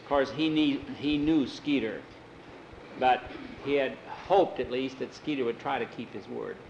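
A man telling a story aloud in a folksy, unhurried way, repeating "he says" between lines. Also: mid-range voice, vocal fry, darkish tone, highs cut off, slight background noise. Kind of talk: oral storytelling.

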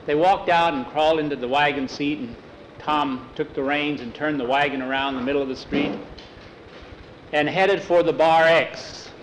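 A man's voice: fairly high pitch, moderate pace, background noise. A man telling a western story aloud in a folksy way, tagging lines with "he says.". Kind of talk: oral storytelling.

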